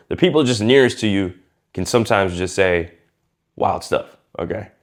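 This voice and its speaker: A man coaching viewers on speaking, casual and lively, acting out quiet and loud ways of talking and using slang as he goes. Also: mid-range voice. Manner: lively and demonstrative, acts out quiet and loud speech. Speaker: communication coach. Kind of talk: casual instructional talk to camera.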